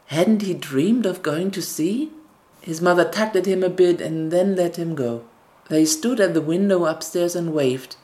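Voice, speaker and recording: A woman narrating a fairy tale in a gentle storybook reading, with scripted narration. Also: lowish voice, a little slow. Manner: gentle storybook reading with quoted family dialogue.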